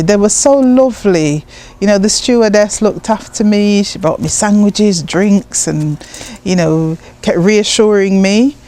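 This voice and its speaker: A woman from Jamaica, a poet, telling personal stories in an interview with an animated manner, acting out voices and laughing often. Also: medium pitch. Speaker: guest, poet and writer.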